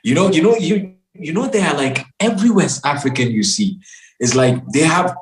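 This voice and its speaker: Man from nigeria, podcast guest, animated and emphatic, echoey room. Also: a little high, moderate pace, slight background noise. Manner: animated, repeats himself for emphasis. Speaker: guest, social media comedian. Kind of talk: casual interview chat.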